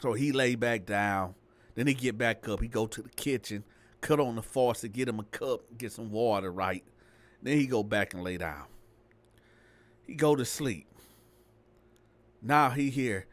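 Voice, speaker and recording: A man's voice: mid-range voice, a little slow, pauses often. A man telling a story in casual storytelling style, acting out each character. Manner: animated, acts out every character. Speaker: storyteller host.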